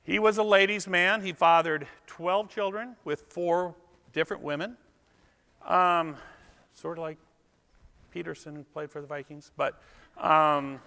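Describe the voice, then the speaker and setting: A man's voice: a little high, steady tone, a little slow, pauses often, bright, forceful tone, in a large hall. A man emceeing a club dinner, telling folksy, self-deprecating jokes and trivia to a live audience. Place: event hall with a live audience.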